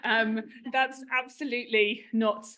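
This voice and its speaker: A woman's voice: a little high, steady tone, a little slow, sharp tone. Woman chairing a launch, chatty and informal, rattling through thanks. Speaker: review chair giving closing thanks. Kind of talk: event speech. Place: event room at a launch.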